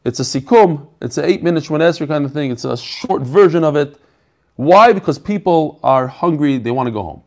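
A man's voice: fairly high pitch, lively intonation, brisk. A man teaching a Talmud lesson, asking questions and answering them, repeating his phrases as he explains. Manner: mixes Yiddish-flavored terms into English. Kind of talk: daf shiur, teaching aloud.

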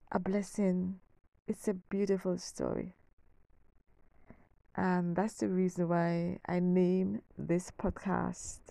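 A middle-aged woman speaks slowly and earnestly as the host of her own faith-filled podcast, repeating her words for emphasis. Her voice has a gravelly edge and a mellow, darker tone. It is recorded close and dry, with no room sound. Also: fairly low pitch, dry recording. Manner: slow, emphatic, repeats phrases, drops to near-whisper at times. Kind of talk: heartfelt faith-based podcast monologue.

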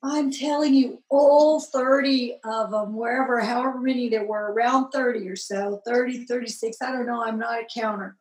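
A woman from Southern California telling her conversion story in a lively, expressive way, acting out the people she met. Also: a little high, moderate pace, few pauses, roomy sound, low-quality recording. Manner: lively, acts out voices in the story, rises to excited peaks. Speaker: guest telling her testimony. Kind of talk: animated personal storytelling.

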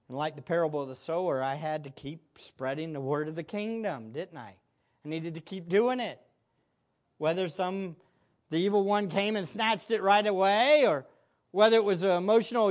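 A man's voice: high-pitched, moderate pace, dull audio. A man preaching a sermon as pastor, earnest and asking the congregation rhetorical questions.

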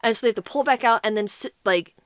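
A woman's voice: a little high, rapid-fire, no echo, studio quality. A woman co-hosting a podcast. She tells a story in casual chat, full of "like". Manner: animated storyteller, heavy use of "like". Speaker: podcast co-host.

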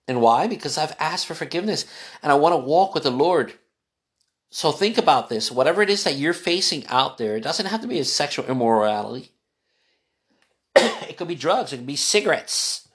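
Bible study teacher; earnest, repetitive delivery, calls the listener son, reads scripture slowly and then unpacks it. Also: medium pitch, big pitch swings, fairly bright tone. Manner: earnest, repeats key phrases, addresses listener as son.

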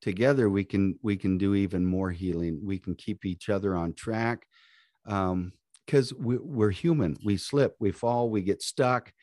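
A man's voice: fairly low pitch, a little slow, dark tone, no room sound, clean studio sound. A man co-hosting a live podcast, talking in a motivational, preachy, encouraging way. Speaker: podcast co-host.

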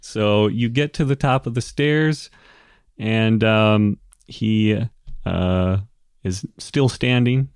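Slow, deep-voiced man running a tabletop game. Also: clean tone, no room sound, clean studio sound. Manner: relaxed, rambling with fillers and laughs. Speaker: game master.

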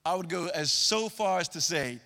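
A man preaches a sermon from a stage in a high, bright voice. He is earnest, swinging between loud emphasis and near-hushed lines. A long hall reverb trails every word. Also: expressive, normal speed. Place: stage before a live congregation.

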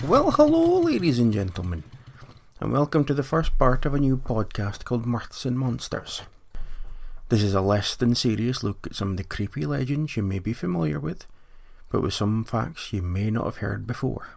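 A man's voice: medium pitch, animated, normal speed, vocal fry, dry recording. A Scottish man hosting a podcast, delivering a mock-serious comic monologue with dry joking asides. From Scotland. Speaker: podcast host.

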